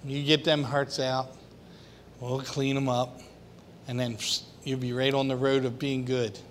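A man's voice: mid-range voice, flat delivery, a little slow, slight background noise. A man preaching an informal sermon to a small group, conversational and laughing, acting out quoted voices. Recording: long hall reverb.

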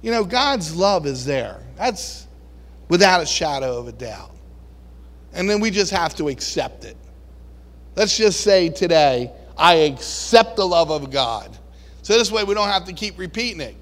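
A man preaching a sermon in a folksy, animated way, now and then acting out voices and shouting. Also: high-pitched, normal speed. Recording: long reverb of a large hall.

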